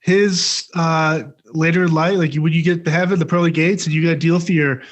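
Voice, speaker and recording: A man's voice: a little high, steady tone, fairly quick. A man co-hosting a podcast in casual chat, chiming in with laid-back agreement. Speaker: podcast co-host.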